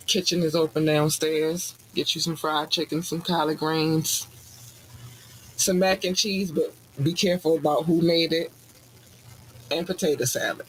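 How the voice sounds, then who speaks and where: A man's voice: a little high, measured pace, a little hiss or hum, low-quality recording. A man hosting a podcast, ranting in a loose, profane, preachy way like a mock sermon. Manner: profane, animated, preachy asides. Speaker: podcast host. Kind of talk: casual rant with mock sermon.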